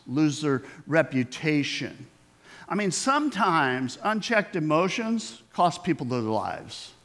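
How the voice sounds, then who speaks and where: A man's voice: a little high, fairly bright tone. A middle-aged man preaching a sermon in a conversational way, asking the congregation questions and acting out quoted voices. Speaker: pastor.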